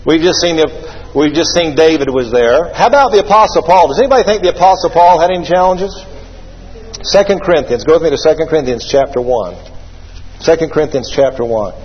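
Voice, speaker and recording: A male pastor, preaching an animated sermon and leading the congregation in call-and-response. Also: fairly high pitch, normal speed, long pauses, husky. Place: church sanctuary. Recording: echoey hall, dull lo-fi sound.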